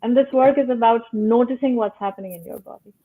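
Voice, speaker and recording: A woman guest calmly explaining how the body and nervous system work, using simple metaphors and checking in with "right?". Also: a little high, fast talker. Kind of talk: casual explanatory talk. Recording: tinny phone-like call line.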